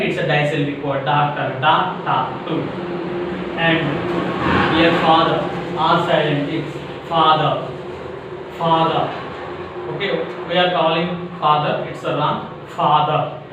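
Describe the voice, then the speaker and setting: A man's voice: a little high, fairly bright tone, slight background noise. A man teaching a grammar lesson, drilling each word aloud over and over. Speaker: English teacher. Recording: very echoey room, mic far off.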